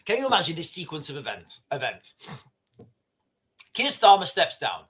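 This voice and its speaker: A man's voice: a little high, wildly swooping pitch, moderate pace, fairly bright tone. A man hosting a casual livestream, rambling and repeating himself as he reads out viewer comments. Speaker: livestream host.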